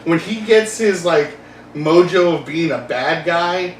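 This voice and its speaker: A man hosting a casual podcast chat, rambling and animated, laughing often and acting out quotes. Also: a little high, slow pace, slight background noise. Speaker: podcast host. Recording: roomy, distant mic with faint ambience.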